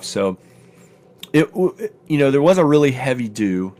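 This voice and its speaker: A middle-aged man with a mid-range voice tells a story in relaxed studio chat. He keeps it conversational and animated. His quoted remarks jump up in pitch. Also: moderate pace. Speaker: podcast co-host.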